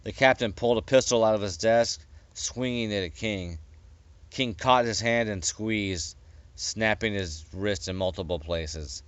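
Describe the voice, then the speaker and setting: Low-voiced man reading his story aloud. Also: clean tone, dry recording. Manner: plain, unhurried reading with small stumbles. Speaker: amateur author reading his own story. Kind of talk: casual audiobook reading.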